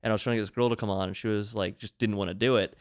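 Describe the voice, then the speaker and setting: A man's voice: lowish voice, fairly even intonation, rapid-fire, no room sound, studio quality. A man, a comedian guest on a podcast, telling rambling stories in casual chat with many fillers. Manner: rambling storyteller, lots of fillers.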